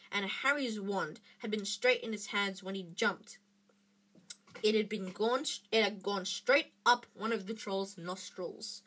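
A woman reading a children's book aloud in an expressive way, with small slips and restarts. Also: medium pitch. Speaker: reader.

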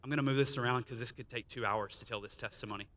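Man, chatty preacher telling his story, bright tone, long hall echo. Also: mid-range voice, steady tone, racing. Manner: conversational storytelling with quoted dialogue and laughter. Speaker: guest speaker sharing testimony. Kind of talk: testimony sermon. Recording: reverberant church hall.

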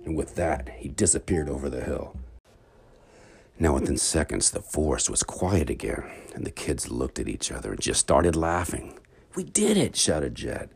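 A man narrating a children's bedtime adventure story in an expressive, dramatic read-aloud manner. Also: a bass voice, vocal fry, slightly rough.

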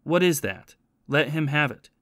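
A man's voice: mid-range voice, animated, measured pace, a bit bright, no room sound, studio quality. A man voicing an angry, stern dead grandfather who gives threatening commands.

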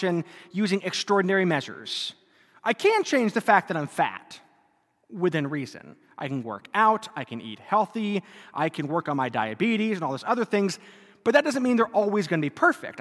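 Bright-voiced priest preaching in an echoing church. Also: male voice, sits high. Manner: conversational, self-deprecating, joking. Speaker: Catholic priest. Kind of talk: sermon. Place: church before a live congregation. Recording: reverberant church hall.

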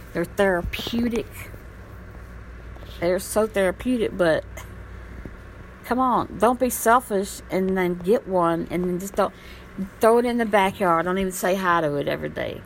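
Gravelly woman ranting in a blunt vlog. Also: mid-range voice, a little slow, long pauses, a little hiss or hum, poor audio. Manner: blunt, rambling and impassioned, swears freely. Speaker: vlogger. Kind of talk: casual monologue.

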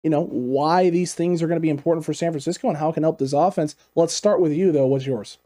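A man hosting a casual football analysis show, talking in an animated way with repeated emphatic phrases. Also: on the high side, quick pace. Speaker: sports show host.

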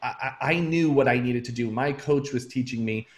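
Brief: middle-aged male guest, animated storyteller, casual and talkative. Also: mid-range voice, normal speed. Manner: animated, laughs often, says "man" a lot. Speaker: real estate investor and consultant, guest.

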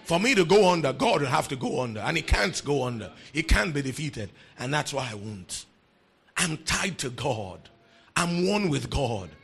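Gravelly, lively preacher man. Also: a little high, normal speed. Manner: emphatic, repeats key phrases, swings from quiet to shouting. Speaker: pastor. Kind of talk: sermon.

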